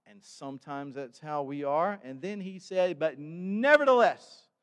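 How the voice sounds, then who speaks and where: A man preaching a sermon in a conversational way, with sudden bursts of loud emphasis. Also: a little high, measured pace, smooth. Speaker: pastor. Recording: long hall reverb.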